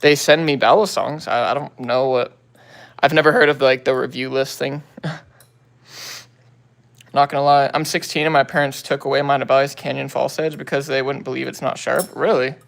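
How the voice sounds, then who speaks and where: On his phone, a young male streamer casually says hello to viewers and answers comments in laid-back slang. His mid-range voice is creaky and fairly bright, delivered at a normal speed with fairly even intonation.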